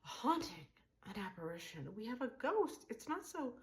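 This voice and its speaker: A woman's voice: fairly high pitch, sing-song, normal speed, pitched above the performer's own voice. A woman voicing a gossipy, theatrical graying man who tells dramatic, complaining stories. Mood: dramatic gossip.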